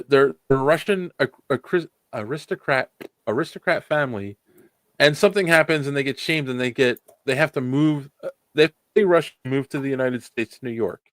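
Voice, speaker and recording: A man's voice: a little high, no echo. Dry-sounding man rambling about a movie. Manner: rambling, animated, many restarts. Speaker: podcast co-host. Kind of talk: casual chat, movie review.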